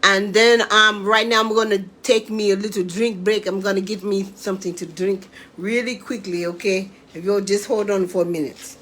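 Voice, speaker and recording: On her own home cooking live stream, a woman talks casually and often tacks on "okay?" to check in. Her medium-pitched voice is steady and a bit bright, moving at a moderate pace with few pauses.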